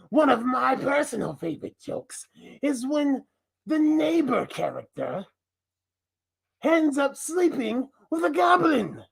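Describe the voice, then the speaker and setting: A man's voice: extremely high pitch, vocal fry, breathy edge, full character voice. A man voicing a mischievous male mask persona who has taken over a review show, talking theatrically and giggling between lines.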